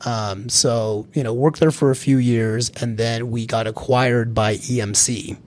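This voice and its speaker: A man's voice: mid-range voice, fairly even intonation, unhurried, a little mellow. A middle-aged man from Colorado, a security executive, telling his career story in a casual chat, laughing often and repeating words as he starts sentences.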